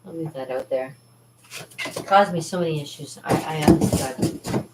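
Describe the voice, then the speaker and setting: A woman painter with a low voice chats casually at normal speed in her indoor art studio, rambling and laughing while showing her work. A camera mic moving around the room picks her up from a distance in the roomy space, under heavy background noise.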